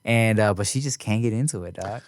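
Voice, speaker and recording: A man's voice: lowish voice, fairly quick, no echo. A man co-hosting a podcast, talking in loose, profane, slangy banter. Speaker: podcast co-host. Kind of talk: casual chat.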